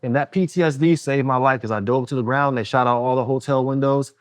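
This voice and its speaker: A man's voice: mid-range voice, fairly even intonation, fast talker, dry recording, clean studio sound. A man hosting a casual conversation, telling a personal story with lots of fillers and acting out other people's voices. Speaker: host.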